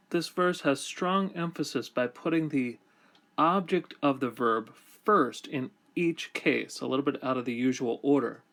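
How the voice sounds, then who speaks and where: A man with a gravelly edge to his voice teaches Hebrew grammar at an unhurried pace. He reads the verse phrase by phrase and then explains each form in a measured, deliberate way. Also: medium pitch, a bit bright. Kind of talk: slow, measured scripture lesson.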